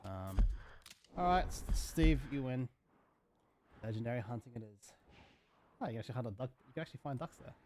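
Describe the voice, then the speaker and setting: A young Australian streams a game from his room, chatting in what he calls a monotone, with a medium-pitched voice, brisk delivery and frequent pauses. He rambles and keeps restarting sentences. His desk mic sits very close to his mouth, and the noisy stream audio carries game sounds.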